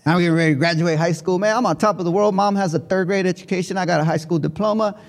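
A man giving a motivational keynote speech to educators, telling his story in an animated way with big swings in pitch and volume. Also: quick pace, creaky. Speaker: keynote speaker. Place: large conference hall. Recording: long hall reverb.

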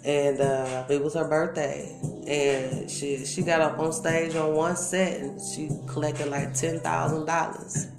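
A woman's voice: low voice, level tone, a little slow. A middle-aged woman from Milwaukee, a former dancer giving an interview, telling stories in candid, slangy casual talk. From Milwaukee, Wisconsin. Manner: candid, slangy storytelling with frequent asides. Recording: echoey room with loud music behind.

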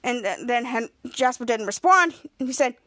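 High-voiced woman recapping a TV episode. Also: animated, fairly bright tone, dry recording, studio quality. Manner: halting, repetitive retelling with many restarts. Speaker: podcast host.

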